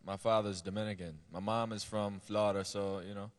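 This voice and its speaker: A man with a low, deep voice and a West Indian accent speaks on a convention panel. He rambles loosely, trailing off into fillers and restarts. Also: steady tone, a little fast. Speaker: panel guest actor. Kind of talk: casual panel chat.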